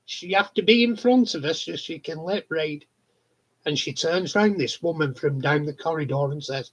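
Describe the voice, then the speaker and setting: A man's voice: fairly high pitch, moderate pace, husky. A man chatting casually on a live stream, telling funny stories, swearing freely and laughing often. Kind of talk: casual chat. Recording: dull lo-fi sound.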